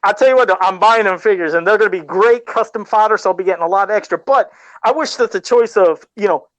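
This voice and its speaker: Excitable man co-host, high voice, rambling podcast chat. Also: quick pace, no echo, highs cut off. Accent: says he has an accent. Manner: excitable, laughs often, rambling restarts.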